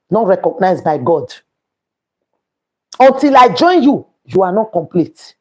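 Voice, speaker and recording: Quoting scripture and circling back to her points, a Nigerian-accented woman preaches emphatically on her live stream. She speaks in a medium-pitched voice that is darkish and a little rough.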